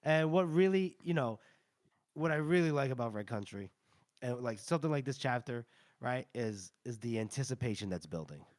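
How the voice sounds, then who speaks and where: A man co-hosting a podcast in casual chat, rambling and animated with lots of fillers and restarts. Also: medium pitch, moderate pace, no room sound, studio quality. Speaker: podcast co-host.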